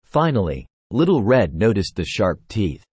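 A man's voice: lowish voice, big pitch swings, normal speed, darkish tone, slightly rough, no echo. A man narrating a fairy tale in a scripted storytelling style.

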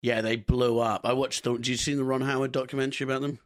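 A young British man co-hosting a comedy podcast, laughing often and bantering quickly. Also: mid-range voice, little pitch movement, dry recording, studio quality. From Britain. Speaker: podcast co-host. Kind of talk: comedic casual chat.

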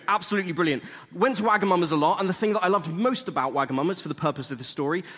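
A man's voice: a little high, fairly bright tone, long reverb tail. A young man giving a sermon as a chatty, self-deprecating story. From England.

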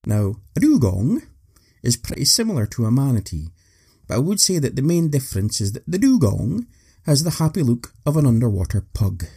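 Brief: male host, gravelly and husky, lively pitch, dry wit. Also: brisk. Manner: wry, joking asides. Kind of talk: humorous storytelling.

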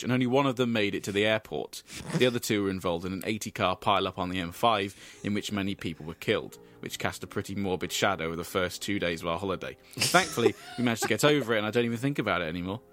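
A man hosting a comedy podcast, telling an absurd story in a dry, deadpan way with asides. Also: lowish voice, no echo.

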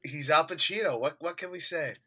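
A man co-hosting a casual movie review chat, animated and quick to laugh. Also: a little high. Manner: animated, laughs often, mimics actors with loud outbursts.

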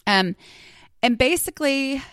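A woman in her forties hosts her own podcast, chatting and confessing as she talks. She acts out her old thoughts with lively bursts. She is close to the mic in a very dry space with no room sound. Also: sits high, unhurried, no room sound. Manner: chatty and confessional, slips into lively acted-out quotes. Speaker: podcast host. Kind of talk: casual solo podcast monologue.

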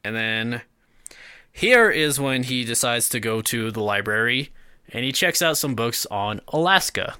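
A man recapping a movie on a casual podcast, his voice very bright and crisp, swinging widely up and down in pitch as he acts out characters' lines. He sounds dry and close, with no room around him. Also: expressive, a little slow, no room sound. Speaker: podcast co-host.

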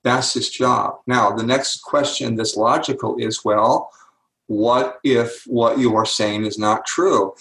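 Older male guest speaker with a gravelly voice, slow emphasis on key words, echoey room. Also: medium pitch, steady tone, a bit bright. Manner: slows down to stress key words, acts out quoted voices. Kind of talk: interview storytelling.

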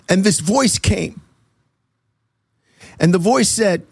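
A man being interviewed who gives an earnest, animated faith testimony and acts out the dialogue in his stories. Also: sits high, a little slow, gravelly, long pauses, husky, dry recording. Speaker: interview guest.

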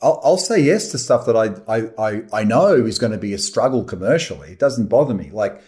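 Middle-aged man, Australian accent, casual interview guest, animated, stumbles over openers. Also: lowish voice, fairly quick. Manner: animated, repeats words when starting sentences. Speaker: actor guest. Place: remote call from home.

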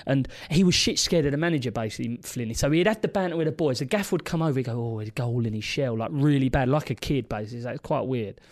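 A man's voice: mid-range voice, fast, hardly any pauses. A man, a former footballer co-hosting a podcast, who tells stories with lots of energy and acts out his old teammates. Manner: animated storyteller acting out teammates' voices. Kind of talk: casual storytelling chat.

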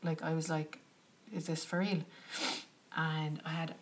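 A young woman telling a travel story to her viewers in a chatty, animated way, full of "like" and "do you know". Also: low voice, a little slow. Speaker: travel vlogger. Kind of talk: casual travel storytelling to camera. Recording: slightly distant from the mic.

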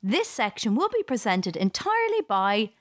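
A woman's voice: on the high side, very animated, moderate pace. A woman comedian hosting a political podcast, delivering a scripted monologue with a wry, sardonic tone.

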